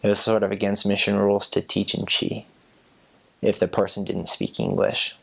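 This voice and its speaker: A young American man, a former missionary, telling stories in a relaxed, rambling way. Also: fairly low pitch, normal speed, vocal fry. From United States. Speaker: returned missionary. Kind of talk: casual storytelling.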